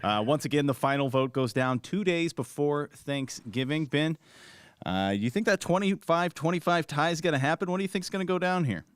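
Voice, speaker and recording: A man co-hosting a podcast in a studio, relaxed and hesitant, reading out chat messages. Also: a little high, brisk, smooth, no echo. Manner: laid-back, hesitant with fillers, reads chat aloud. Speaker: co-host producer. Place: radio studio.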